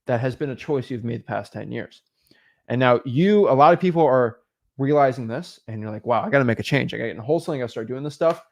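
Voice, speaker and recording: A man co-hosting a livestream, talking in an animated, coaching way and acting out conversations, with many "right?" and "like" fillers. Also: mid-range voice. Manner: animated, acts out quoted dialogue, frequent "right?" and "like". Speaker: co-host of real estate livestream. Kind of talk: motivational livestream talk.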